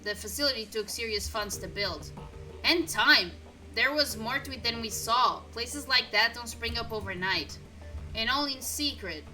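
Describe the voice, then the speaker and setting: A weary older fixer, blunt and worn down by grief, voiced by a woman reading game dialogue aloud. The reading is measured and tired, with a bright, rather high tone. Faint game music plays behind. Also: poor audio.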